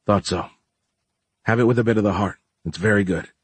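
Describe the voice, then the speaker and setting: A man voicing a calm, wry man who speaks in a dry, measured way, in an audiobook. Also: lowish voice, breathy edge, no echo.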